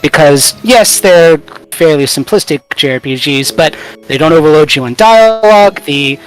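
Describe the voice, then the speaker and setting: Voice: medium pitch, expressive, normal speed, clean tone. Let's play host, casual rambling commentary, faint game music underneath. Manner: rambling, talks to self while playing.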